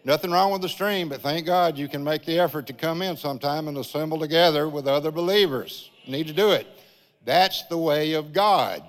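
A man's voice: on the high side, a little fast. An older man preaching a sermon in a church, telling a folksy personal testimony and often calling out "Amen" to the congregation. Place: large church sanctuary. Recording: long church-hall reverb.

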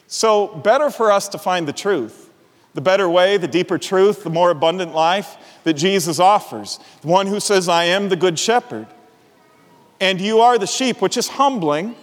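A middle-aged man preaching a sermon as pastor, earnest, rising to emphatic peaks and dropping low and quiet for weight. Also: normal speed, big-room sound.

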